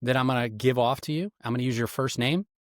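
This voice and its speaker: Fast-talking man explaining with animated emphasis. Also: mid-range voice, dry recording, studio quality. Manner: animated, instructive, acts out quoted lines. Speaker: guest, retired federal agent and interrogator. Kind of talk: explanatory interview talk.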